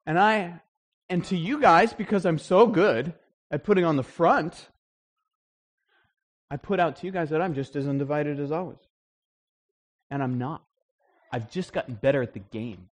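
Animated high-voiced male preacher. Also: normal speed, pauses often. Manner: animated, acts out quoted voices. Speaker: pastor. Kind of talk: sermon.

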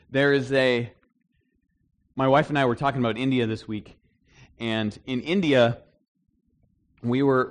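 A middle-aged man, a pastor, preaching a conversational sermon to a congregation in a church hall. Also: medium pitch. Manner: conversational teaching, animated and emphatic at points.

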